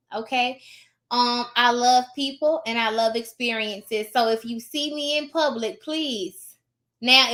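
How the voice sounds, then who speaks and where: Woman, live-stream host, high bright voice, Southern accent, chatty, keeps checking in with "okay?". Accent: put-on Southern US. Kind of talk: casual live-stream chat.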